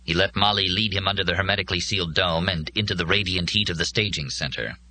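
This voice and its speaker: A man reading scripted narration for an audiobook in a measured, solemn way. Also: deep voice, pushed and bright, slight background noise.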